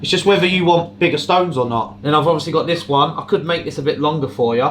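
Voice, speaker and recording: A man's voice: fairly high pitch, fast. Jeweller guy talking through prices, chatty, explains everything step by step, bit of background noise. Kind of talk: casual explaining to camera and customer. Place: jewellery shop.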